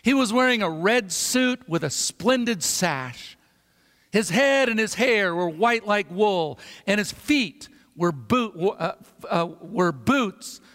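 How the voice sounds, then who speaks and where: A man's voice: sits high, expressive, slow, a bit bright, in a large hall. A man preaching a sermon, emphatic and fond of repeating phrases for effect. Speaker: pastor.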